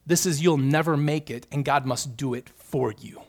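A pastor with a fairly high voice preaches with earnest conviction at a normal speed. He drives each point home by repeating phrases, his emphasis rising as he builds.

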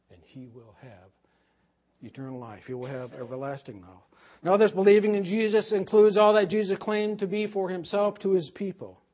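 A man pastor preaching a sermon, swinging from loud emphasis to hushed near-whisper. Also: sits high. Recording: dull lo-fi sermon recording.

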